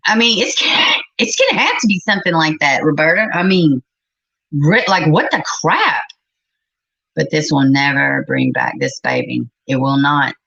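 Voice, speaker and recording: Middle-aged lady ranting to her stream chat, swears a lot, lowish voice, kinda muffled audio. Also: expressive, normal speed, gravelly, a bit bright, breathy edge. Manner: blunt, profane, exasperated. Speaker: livestream host. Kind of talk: casual chat with a live chat. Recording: slightly muffled recording.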